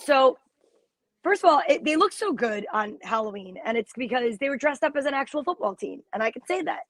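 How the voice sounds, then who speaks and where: A woman co-host with a higher voice chats about football, telling animated, gossipy stories. The sound is close and dry, with no room in it. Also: fairly quick, no room sound. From New Jersey. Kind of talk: casual sports chat.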